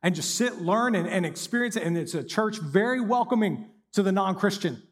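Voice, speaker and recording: A man's voice: sits high, expressive, brisk, in a large hall. A male pastor, preaching a conversational sermon that builds to emphatic peaks.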